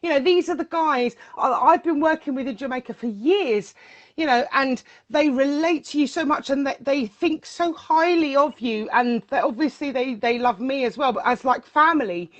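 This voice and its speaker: A woman DJ speaking as a guest in a casual interview, animated and emotional, often repeating her words. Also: high voice, moderate pace, lo-fi sound.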